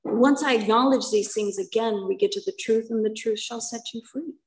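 A woman's voice: on the high side, normal speed, poor audio. A middle-aged woman giving a personal testimony at a recovery meeting, earnest and conversational, often checking in with her listeners.

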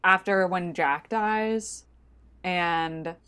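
A woman co-hosts a casual podcast with blunt, wry humor and casual swearing. Her voice sits on the lower side. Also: extremely slow, fairly bright tone, smooth. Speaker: podcast co-host. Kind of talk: casual chat.

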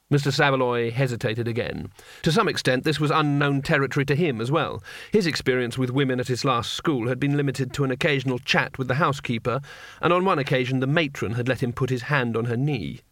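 A man narrating a comic novel as an audiobook, in a wry, expressive storytelling manner. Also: medium pitch, a little fast, dry recording, studio quality.

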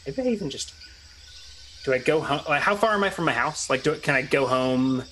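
A man's voice: medium pitch, expressive, fairly quick, a bit bright, a little hiss or hum, poor audio. A man playing a tabletop role-playing game, chatty and thinking aloud with many restarts. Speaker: player. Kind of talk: casual tabletop game play.

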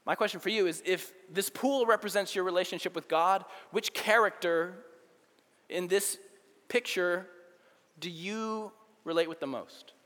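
A man's voice: high-pitched, measured pace, fairly bright tone. A young adult man, a youth pastor, preaching a casual, conversational sermon in a church hall. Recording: long hall reverb.

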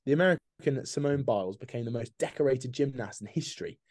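Expressive and fast-talking, this man has a medium-pitched, slightly mellow voice. He co-hosts a laid-back podcast, posing quiz questions and joking around with plenty of laughter.

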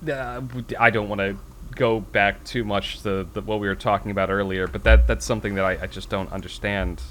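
A man co-hosting a podcast in casual chat, quick to laugh. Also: lowish voice, fairly even intonation, a little hiss or hum. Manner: laughs often, loud bursts of laughter. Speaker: podcast co-host.

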